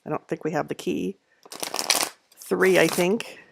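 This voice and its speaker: Over background noise, a middle-aged knitting channel host chats at home on a livestream in a steady, unhurried, creaky voice. She rambles with many fillers and little laughs, and coos high-pitched at her cats.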